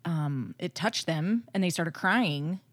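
A woman, a pastor and co-host, chatting in an animated, friendly way. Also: lowish voice, slow pace, dry recording. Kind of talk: casual podcast talk.

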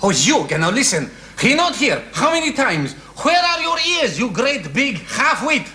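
An actor playing a flustered young hotel waiter who speaks in broken, excitable English. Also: male voice, very high-pitched, normal speed, reverberant, slight background noise, full character voice. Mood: bossy, excitable.

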